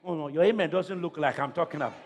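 A man preaching a sermon to a church congregation, calling out questions to the crowd and often shouting. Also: fairly high pitch, fast talker, dull audio. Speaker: pastor.

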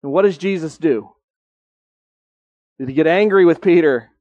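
A pastor with a high, darkish voice delivers an earnest sermon, raising his pitch to land key points and slowing right down to stress them. The recording is close, dry, and lo-fi, with no sense of the room.

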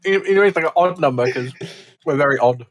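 A man co-hosting a casual podcast chat, cutting in with quick jokes. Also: on the high side, muffled recording, slight background noise. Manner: quippy, joking. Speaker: podcast co-host.

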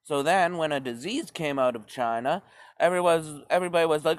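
A man's voice: on the high side, brisk, dry recording, studio quality. A man delivering a profane, sarcastic stand-up rant, rambling and swearing often. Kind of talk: profane ranting stand-up monologue.

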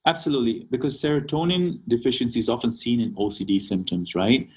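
A man's voice: mid-range voice, expressive, fast talker, husky, low-quality recording. A man from Kenya, a naturopathic doctor, explaining remedies as an interview guest and often checking in with "right?". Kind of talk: casual interview talk.

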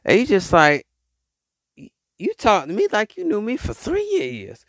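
A man's voice: high-pitched, huge pitch swings, measured pace, no echo, clean studio sound. A man hosting a podcast, talking in a casual, rambling motivational monologue and acting out the voices he quotes. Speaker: podcast host.

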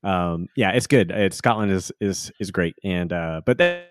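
A man's voice: sits low, moderate pace. A man hosting a board game podcast in a playful, teasing, rambling way, with many restarts. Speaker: podcast host. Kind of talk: casual podcast chat.

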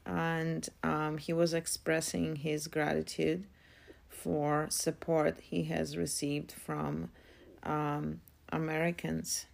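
A woman hosting a podcast, talking in a slow, even, casual way with fillers. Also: low-pitched, creaky. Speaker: podcast host. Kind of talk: casual spoken commentary.

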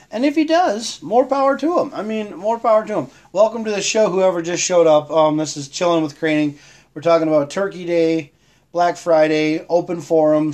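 A man's voice: fairly high pitch, darkish tone. A man hosting a casual live stream, rambling about holidays and shopping, greeting viewers by name and laughing often. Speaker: livestream host.

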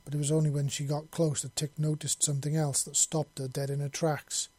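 A man narrating a science fiction story in a steady, even reading style. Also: on the high side, brisk, no room sound. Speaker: audiobook reader.

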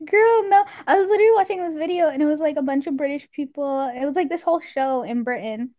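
A woman's voice: sits high, quick pace, warm tone, highs cut off. A young woman chatting casually, rambling with lots of "like" and frequent laughter. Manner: rambling, fond of "like", laughs often. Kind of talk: casual chat.

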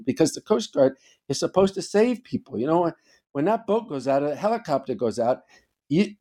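With a fairly high, sing-song voice that has a dark tone and a slightly quick pace, an older former Coast Guard officer recounts stories on a podcast. It's a laid-back interview, and he's emphatic and profane throughout.

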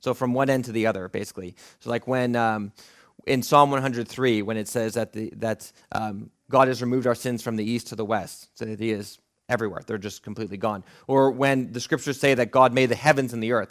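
A man preaching an expository sermon, explaining a passage in an earnest, teacherly way with frequent restarts and fillers. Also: mid-range voice.

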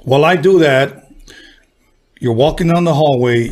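A man's voice: on the high side, moderate pace, a little mellow. Joking, crude male podcast host. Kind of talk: casual podcast hosting.

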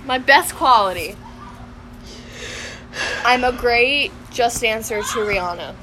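A woman's voice: fairly high pitch, slow pace. A young woman asking questions in casual chat, playful and teasing, often giggling. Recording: noisy home recording.

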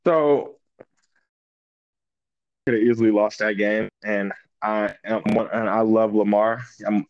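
A man's voice: fairly low pitch, dry recording. A man talking football as a guest in a casual chat, emphatic and full of restarts. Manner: animated, emphatic, restarts a lot. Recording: dull lo-fi audio.

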